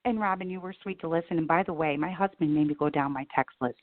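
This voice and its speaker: A woman from the Chicago area, a radio reporter guesting on a podcast, telling stories in an animated, self-deprecating way. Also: deep voice, fast talker, hardly any pauses, no echo. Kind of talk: casual interview chat. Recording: tinny phone-like sound.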